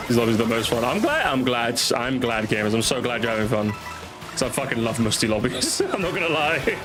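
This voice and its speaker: A young man chatting casually while streaming a racing game with viewers, excitable and swearing, repeating himself in bursts. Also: medium pitch, brisk. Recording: game music behind.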